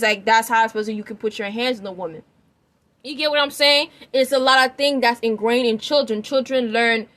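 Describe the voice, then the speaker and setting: A woman with a slightly high, somewhat bright voice shares her opinions in a rambling, emphatic vlog. She keeps checking that her listener is following along.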